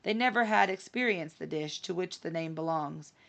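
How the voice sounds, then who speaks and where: A woman reading rhymed poems aloud in a steady, rhythmic recital. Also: lowish voice, moderate pace, vocal fry. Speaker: reader.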